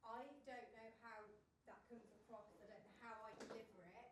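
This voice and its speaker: A woman speaking from the audience in a measured, pausing way. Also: on the high side, flat delivery. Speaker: audience member. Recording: very echoey, distant, faint noise.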